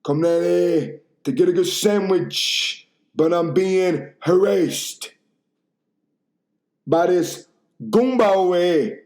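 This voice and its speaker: A man voicing a brash, loud wiseguy who complains about being harassed on the street. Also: sits high, slow pace, echoey room, voice pushed up. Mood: indignant. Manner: boastful, shouty, indignant.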